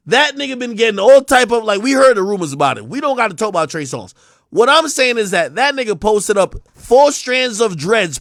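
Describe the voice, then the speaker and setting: A young man on a live stream, commenting bluntly and profanely, rambling between mutters and loud outbursts. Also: extremely high pitch, no room sound, studio quality. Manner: animated, swings from mumbling to shouting.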